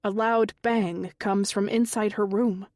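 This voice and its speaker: A woman narrating a thriller audiobook in the first person, with a measured, even delivery. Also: medium pitch, no room sound, clean studio sound.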